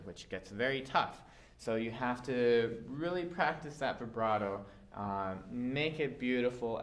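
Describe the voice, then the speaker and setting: A man teaching a violin part, calm and patient, with frequent fillers as he explains. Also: medium pitch. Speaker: orchestra teacher. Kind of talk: instructional walkthrough.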